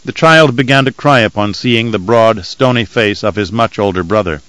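A man narrating an audiobook in a steady, measured storytelling manner. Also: lowish voice, no echo, low-quality recording. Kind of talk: scripted narration.

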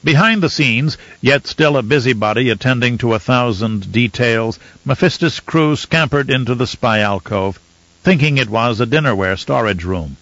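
Measured male audiobook narrator, dry sound. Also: medium pitch, a bit bright, no room sound. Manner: measured, storytelling. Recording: slightly muffled dry recording.

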